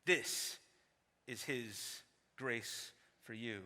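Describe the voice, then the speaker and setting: Bright-voiced preaching pastor in a hall. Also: male voice, medium pitch, drawn-out words. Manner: emphatic, conversational preaching with rhetorical questions. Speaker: teaching pastor. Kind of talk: sermon. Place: large church sanctuary. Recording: long hall reverb.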